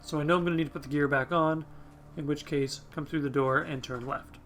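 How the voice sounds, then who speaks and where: A let's play host, a man, talks through his game in a loose, chatty way, wandering into asides and swearing now and then. His voice sits a bit high for a man. Faint music plays behind him. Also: fairly even intonation, brisk, a bit bright. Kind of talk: casual gameplay commentary.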